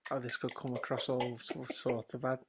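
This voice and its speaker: A woman's voice: very deep voice, flat delivery, fairly quick, noisy background. A woman co-hosting a casual podcast, self-deprecating and laughing at herself. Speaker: podcast co-host. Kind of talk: casual chat.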